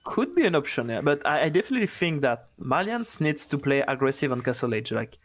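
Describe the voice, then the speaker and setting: French-accented male co-caster, slightly higher voice. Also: brisk, faint music behind. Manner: relaxed, tentative, hedges his opinions. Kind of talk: game commentary.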